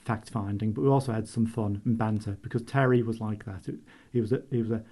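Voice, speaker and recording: A man's voice: fairly low pitch, fairly even intonation, quick pace, warm tone. A man in his sixties with a Manx accent, a retiring meteorologist telling humorous stories in a chatty radio interview. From Isle of Man.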